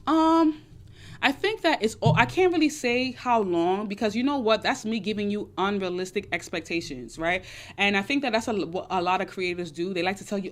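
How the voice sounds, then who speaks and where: Young woman, dating advice host, emphatic, repeats herself, a bit loud and excited, middle pitch. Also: brisk. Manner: emphatic, preachy, repeats her points; says she talks a little loud and excited. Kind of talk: casual chat answering audience questions.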